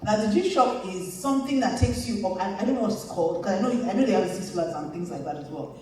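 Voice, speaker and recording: A woman pastor telling a funny story to a church audience, animated and laughing often as she talks. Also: mid-range voice, fast talker. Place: church auditorium. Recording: echoey church hall, distant mic.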